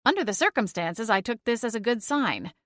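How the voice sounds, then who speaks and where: A woman narrating a first-person audiobook in an even, measured storytelling voice. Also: fairly high pitch, dry recording, clean studio sound.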